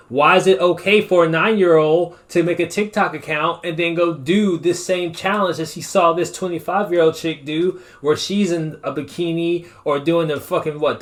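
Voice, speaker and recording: A man on a podcast, ranting with energy and swearing freely. His voice is slightly high, and his delivery is loose and conversational. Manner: animated ranting, profane. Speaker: podcast co-host. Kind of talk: casual chat.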